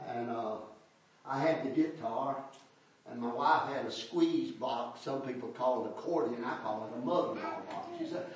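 An older man, preaching a folksy testimony sermon in a church, storytelling that rises to shouts. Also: medium pitch, moderate pace, a little hiss or hum. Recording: echoey hall, far from mic.

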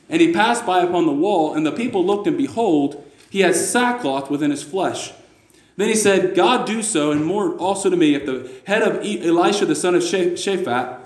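A man preaching a sermon and reading scripture aloud, talking in a halting way with many fillers and restarts. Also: high voice, echoey room. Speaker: pastor.

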